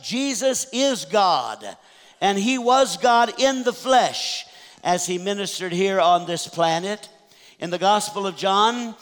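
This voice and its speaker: A male pastor with a fairly high voice delivers a Sunday sermon in a church sanctuary. He reads scripture aloud and slows right down to stress the key declarations. A long reverb trails after his words.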